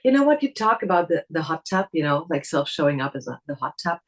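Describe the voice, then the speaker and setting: A woman taking part in a group workshop on a video call, sharing her feelings warmly and searching for words. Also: low-pitched, very animated, quick pace. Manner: warm, searching for words, laughs often. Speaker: workshop participant. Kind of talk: personal sharing.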